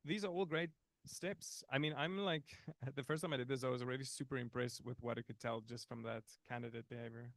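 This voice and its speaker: A man's voice: mid-range voice, fairly even intonation, brisk, gravelly, no room sound. A man teaching a live conference workshop, talking in a casual, chatty way with fillers and restarts. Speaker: workshop instructor. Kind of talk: live technical workshop talk.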